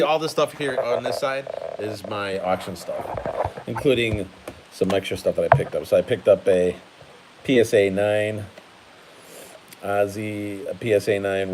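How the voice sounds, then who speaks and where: Chatty and often laughing, a man hosts a casual card-collecting live stream while sorting cards at his table. His voice sits fairly low, with a noisy background.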